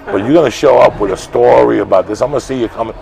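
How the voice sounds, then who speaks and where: A man being interviewed outdoors, telling blunt, swearing stories that build to loud, animated bursts. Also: medium pitch, racing, vocal fry, poor audio. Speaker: interview guest. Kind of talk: profane storytelling in conversation. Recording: street crowd and traffic behind.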